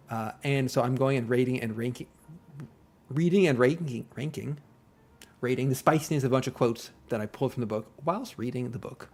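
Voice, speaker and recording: Speaking at a moderate pace in a medium-pitched, darkish voice, a man chats casually on a live stream. He rambles and mocks himself with joking asides, while faint background music plays.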